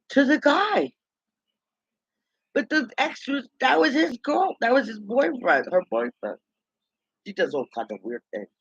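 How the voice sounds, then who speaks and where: A man's voice: high voice, fairly bright tone, breathy edge, no room sound. A man in a rambling, indignant gossip monologue, talking to himself. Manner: chatty, indignant, talks to himself. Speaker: vlogger. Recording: dull lo-fi dry recording.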